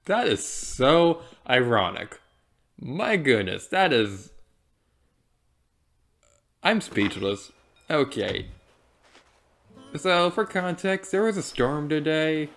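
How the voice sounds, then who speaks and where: Woman with an unusually deep voice, let's play host; chatty, wanders into side stories while gaming. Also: sing-song, takes it slowly, pauses often. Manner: chatty, rambling, goes off on tangents. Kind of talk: casual gameplay commentary.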